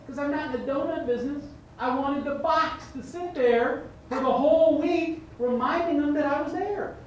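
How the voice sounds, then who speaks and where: In a large event room, a man gives a motivational seminar to a live audience, using humor and acting out conversations in his stories. His very high voice moves at a normal speed, and the highs are cut off. It's recorded from far off in an echoing hall with faint background noise.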